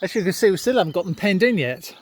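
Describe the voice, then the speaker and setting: A man's voice: sits high, lively intonation, fast talker, slightly rough. A man chatting casually to camera in a garden vlog, coaxing his pets in a sing-song voice. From United Kingdom. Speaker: vlogger. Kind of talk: casual outdoor vlog chat. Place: garden outdoors.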